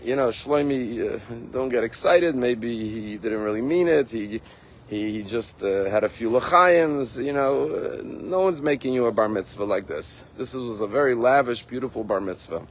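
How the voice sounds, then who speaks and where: A man voicing a worried widowed mother in a sermon story, speaking hesitantly with many pauses. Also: mid-range voice, slight background noise, close to an everyday voice.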